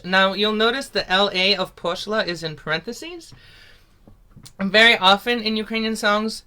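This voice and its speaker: Woman, song teacher, bright clear tone, mid pitch, upbeat, encouraging, video call mic. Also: steady tone, moderate pace. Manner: upbeat, encouraging, laughs easily.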